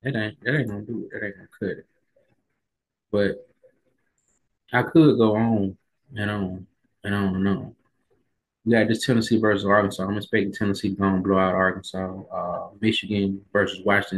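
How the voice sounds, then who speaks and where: A man's voice: on the low side, level tone, moderate pace, long pauses, husky. Emphatic man ranting about football. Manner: emphatic, repetitive, colloquial, rising to heated emphasis. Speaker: sports commentary vlogger. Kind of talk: casual sports opinion monologue.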